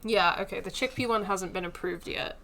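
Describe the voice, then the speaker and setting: A woman's voice: mid-range voice, a little fast, a bit bright, a little hiss or hum. A woman streaming a story game, chatting casually and thinking aloud with lots of fillers. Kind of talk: casual let's-play commentary.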